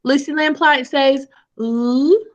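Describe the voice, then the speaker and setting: High-voiced woman teacher, slow, sing-song phonics drills over a video call. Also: highs cut off. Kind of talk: live online phonics lesson for young children.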